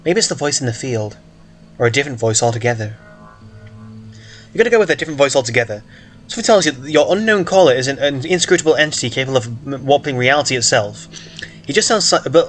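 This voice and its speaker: A man's voice: mid-range voice, a bit bright. A man casually reading a story aloud, breaking off for jokes and asides, stumbling over words. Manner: joking, self-interrupting, stumbles and hiccups. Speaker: reader of a story game.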